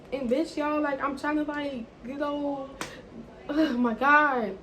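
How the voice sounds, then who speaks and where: A woman's voice: sits high, takes it slowly, slight background noise, rough recording. Young woman telling a profane storytime. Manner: animated, profane, chatty with lots of "like". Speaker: vlogger. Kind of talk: casual storytime.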